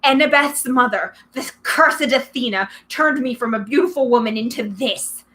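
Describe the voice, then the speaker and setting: A woman reading aloud and voicing a monstrous gorgon who hides as a sweet old lady, speaking in a slow, hushed, soothing purr. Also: fairly high pitch, big pitch swings.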